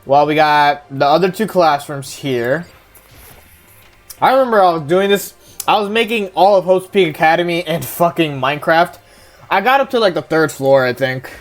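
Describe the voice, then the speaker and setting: Rambling, low-voiced woman gamer. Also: animated, moderate pace, faint music behind. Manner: rambling, swearing, thinking aloud. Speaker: game streamer. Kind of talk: casual let's-play commentary.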